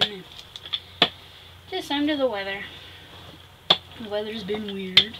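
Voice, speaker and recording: A woman's voice: medium pitch, slow, pauses often. A woman chatting casually through a craft tutorial, talking fondly to her viewers and laughing at herself. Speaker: craft vlogger. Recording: noticeable background noise.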